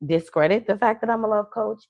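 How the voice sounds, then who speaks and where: A woman who is a love coach and podcast host, chatting casually, telling lively stories and acting out the people she quotes, with slangy talk. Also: mid-range voice, brisk, no echo, highs cut off. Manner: animated storytelling, acts out quoted people; slangy, conversational.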